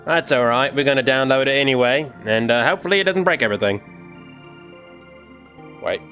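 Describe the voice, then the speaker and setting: A man's voice: mid-range voice, fairly quick, bright, forceful tone, faint music behind. A man livestreaming while he works, chatting casually and thinking aloud to his viewers. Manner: rambling, thinks aloud, talks to chat.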